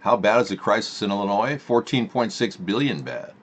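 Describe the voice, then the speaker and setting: A man's voice: lowish voice, a little fast, slight background noise. A man hosting a casual political live stream, reading out headlines and muttering his reactions.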